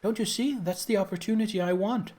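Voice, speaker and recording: A man voicing an excitable young girl, the bored mayor's daughter, who gushes with breathless enthusiasm. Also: high voice, a little fast, voice pushed up, close to an everyday voice. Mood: eager.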